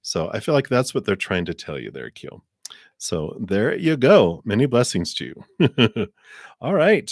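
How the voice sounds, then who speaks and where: Low-voiced man giving chatty tarot readings. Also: sing-song, unhurried, no echo, studio quality. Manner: chatty, reflective, frequent fillers and restarts. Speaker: tarot reader. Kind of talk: live-streamed tarot reading.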